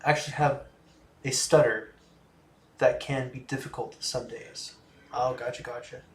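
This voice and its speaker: A young man in his twenties talks easily through a livestream, reading out viewer questions and answering in a loose, rambling way. His voice is mid-pitched and sits in an echoey room with a faint hum of ambience behind it. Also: fairly even intonation, normal speed. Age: 20s. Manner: laid-back, chatty, laughs often, trails off. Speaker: livestream host. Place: room in a home.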